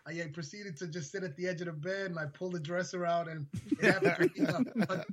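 A man in his forties, a podcast guest telling stories in a laid-back, halting way. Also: high voice, a loud crowd. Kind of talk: casual chat, storytelling.

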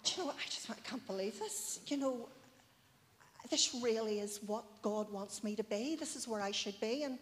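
A woman's voice: a little high, moderate pace, a little hiss or hum. A woman in her forties giving a heartfelt, chatty personal testimony in church, with many asides. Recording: long hall reverb.

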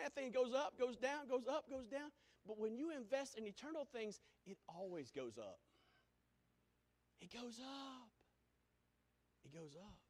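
A man preaching a sermon, swinging from booming exclamations to hushed lines and breaking into sung hymn phrases.

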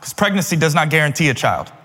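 High, bright-voiced youth pastor preaching. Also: male voice, sing-song, fast, slightly rough, big-room sound. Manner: casual, playful preaching with slang asides. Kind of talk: sermon.

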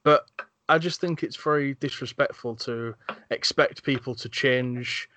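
A man's voice: mid-range voice, measured pace. A young English man with an English accent, chatting as a podcast co-host in a hesitant way with lots of fillers. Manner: hesitant, full of fillers, gentle. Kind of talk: casual chat.

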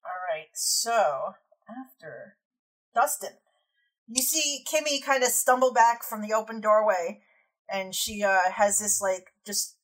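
Husky-voiced woman game master. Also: mid-range voice, rough recording. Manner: loose descriptive narration full of "like" and "kinda". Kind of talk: narrating a tabletop game.

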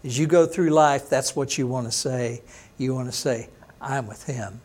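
A man's voice: medium pitch, normal speed, darkish tone. A man pastor teaching an online sermon, explaining words step by step and sometimes voicing a listener's questions back to himself.

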